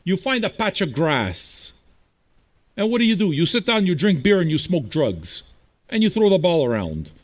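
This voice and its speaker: A man hosting a live music stream, chatting straight at his viewers. His voice sits a bit high and swings widely in pitch. He talks bluntly, with plenty of swearing and combative teasing. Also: very animated, moderate pace. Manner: blunt, profane, combative banter. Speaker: streaming radio DJ host. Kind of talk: casual livestream chat answering viewers.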